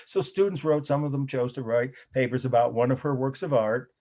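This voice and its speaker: A man's voice: mid-range voice, a little fast, a little mellow. A middle-aged man teaching a college art history class, talking loosely to students and correcting himself as he goes. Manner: rambling, self-correcting, conversational. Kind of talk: live class lecture.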